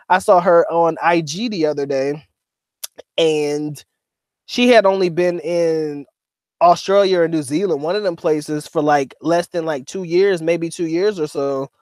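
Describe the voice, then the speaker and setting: Slangy, cussing man with a higher voice. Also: dry recording, studio quality. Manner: slangy and profane, laughs often. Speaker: livestream co-host reading chat. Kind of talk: casual livestream chat.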